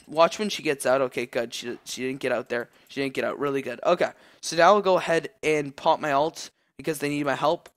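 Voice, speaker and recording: A young man talks through his own match in a slightly high voice, rambling with fillers between plays. He gets loud and excited when the action heats up. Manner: excitable, yelling at big plays, many fillers. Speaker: gameplay commentator. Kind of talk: live gameplay commentary.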